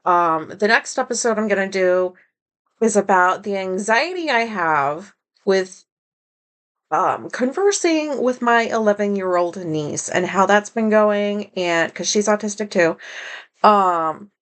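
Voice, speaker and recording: A woman's voice: mid-range voice, expressive, a little slow, fairly bright tone. A woman hosting a personal podcast, talking frankly and emotionally, rambling and going off on tangents. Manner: frank and emotional, with many fillers. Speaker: podcast host. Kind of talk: casual personal podcast monologue.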